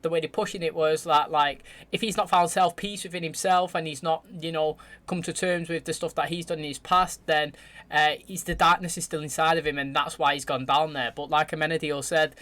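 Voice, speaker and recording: A man hosting his channel, chatting excitedly as he reacts to a show's finale and addresses his viewers directly. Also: a little high, fairly quick. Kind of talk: casual reaction commentary.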